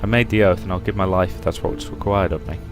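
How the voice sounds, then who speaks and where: A young man playing a sci-fi visual novel, reading out every character's lines with shifting pitch and loudness. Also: steady tone, fast talker, music in the background. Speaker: game let's-player.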